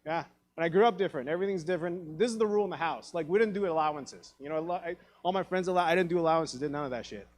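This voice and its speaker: Rapid-fire and fairly high-pitched, a thirty-something Taiwanese comedian works a theatre stage with a profane, self-deprecating stand-up routine. He acts out the quoted dialogue in his bits.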